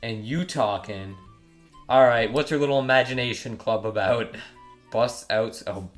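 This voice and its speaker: A man's voice: mid-range voice, a little slow, soft background music. A young man giving crude, mocking commentary while trolling other players in an online game. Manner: joking, mocking, crude humor. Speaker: gaming YouTuber.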